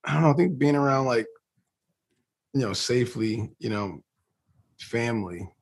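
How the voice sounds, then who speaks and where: A man's voice: mid-range voice, animated, moderate pace, slightly rough. A man being interviewed as an actor, chatting casually and rambling with many restarts and fillers.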